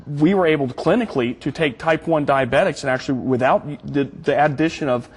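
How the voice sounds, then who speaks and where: A man's voice: fairly high pitch, fairly quick, breathy edge. A man appearing as a guest on a TV show, earnestly explaining a product in interview answers. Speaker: product spokesman, studio guest.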